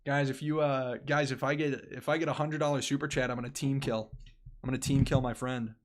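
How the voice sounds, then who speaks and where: A man's voice: mid-range voice, fairly even intonation, brisk, noisy background. A young man hosting a casual live stream, rambling and restarting his phrases as he talks to his chat.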